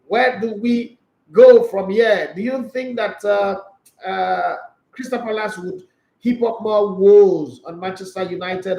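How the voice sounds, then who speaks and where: A Nigerian man hosting a football talk show, excitable and joking, with preachy asides and bits of Pidgin. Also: high voice, roomy sound, rough recording. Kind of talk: animated solo football commentary.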